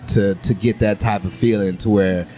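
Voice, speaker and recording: A man's voice: fairly low pitch, normal speed, slight background noise. A young man from New Orleans hosting a casual podcast chat, telling stories with lots of acted-out voices. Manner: animated storytelling, acting out other people's voices. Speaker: podcast host.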